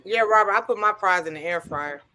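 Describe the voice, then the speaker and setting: Bright-voiced woman hosting a casual livestream. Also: mid-range voice, a little fast. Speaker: livestream host. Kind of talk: casual chat.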